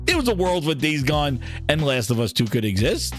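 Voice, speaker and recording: A man with a New York accent hosting a casual gaming livestream, excitable and laughing often. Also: on the high side, moderate pace, faint music behind. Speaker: host.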